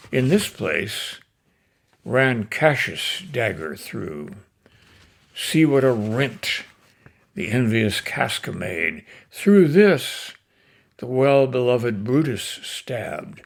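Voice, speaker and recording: A man's voice: medium pitch, creaky, exaggerated voice. A man playing an impassioned Roman orator. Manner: impassioned, declamatory. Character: grieving male Roman orator rousing a crowd.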